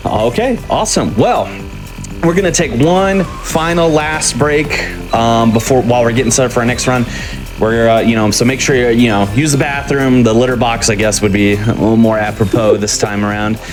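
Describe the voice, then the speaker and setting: Male stream host, mid-pitched, casual and chatty, faint music bed. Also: moderate pace. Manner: upbeat, chatty, plugging schedule. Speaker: show host. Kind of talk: casual livestream hosting.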